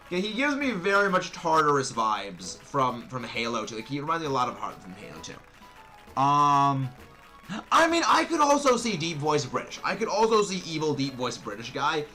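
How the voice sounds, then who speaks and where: A male streamer giving excitable, rambling commentary while he plays a game, restarting his sentences often. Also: medium pitch, normal speed, soft background music. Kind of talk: casual gameplay commentary.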